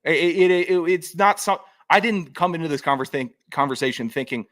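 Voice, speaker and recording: A young adult man co-hosts a casual sports podcast, joking and rambling while correcting himself and restarting. His voice is fairly high-pitched and fairly bright, and he talks briskly.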